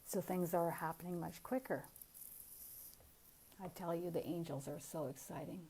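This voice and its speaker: A woman's voice: on the low side, normal speed, slight background noise, rough recording. A middle-aged woman speaking as a spiritual medium, talking casually and animatedly, laughing often as she tells stories. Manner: animated storytelling, frequent laughs.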